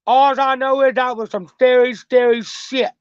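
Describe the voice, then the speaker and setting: A woman's voice: high voice, fairly even intonation, normal speed. A middle-aged woman rambles through a story as an interview guest, circling back to the same phrases and swearing freely. Her voice comes through a muffled, lo-fi recording with a dry, close sound and no room echo. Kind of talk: casual storytelling.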